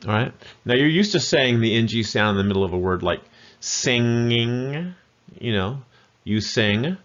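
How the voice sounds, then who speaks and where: A man teaching pronunciation in a video lesson, patiently repeating syllables slowly. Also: medium pitch, animated, fairly bright tone. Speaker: language teacher. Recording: muffled lo-fi audio.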